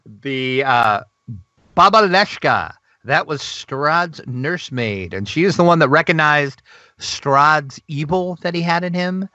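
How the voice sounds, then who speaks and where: A man co-hosting a casual gaming news podcast, excitable and gushing, laughing often. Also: mid-range voice, dry recording, lo-fi sound. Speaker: podcast co-host.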